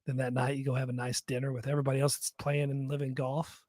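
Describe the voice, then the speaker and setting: A man's voice: mid-range voice, flat delivery, fast talker, darkish tone, dry recording, clean studio sound. A man co-hosting a live podcast, chatting casually and joking with plenty of swearing. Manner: profane, rambling, joking. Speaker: podcast co-host.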